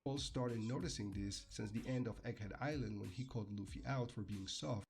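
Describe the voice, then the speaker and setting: A man narrating a scripted commentary in a measured, analytical way. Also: on the low side, gravelly, darkish tone. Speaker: video essayist.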